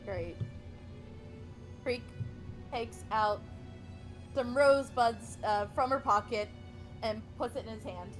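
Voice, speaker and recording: A woman player in a tabletop game, speaking in character, casual and unhurried. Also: fairly high pitch. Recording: clear music underneath.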